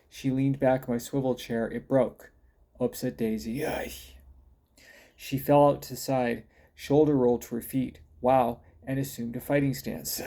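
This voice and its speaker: A man's voice: mid-range voice, fairly even intonation, unhurried, dark tone. A man reading his own detective story aloud, with a wry, folksy manner.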